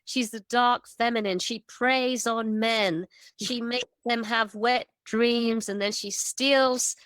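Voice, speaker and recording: A woman guest on a podcast who tells stories with energy, piling up vivid emphatic lists. Her voice sits slightly high. The sound is close and dry. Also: steady tone, takes it slowly, fairly bright tone, clear, resonant tone, no echo. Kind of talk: casual storytelling conversation.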